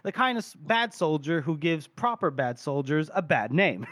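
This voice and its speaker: High-voiced man retelling a story. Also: normal speed. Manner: animated storytelling, laughing often. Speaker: podcast host. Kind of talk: casual chat.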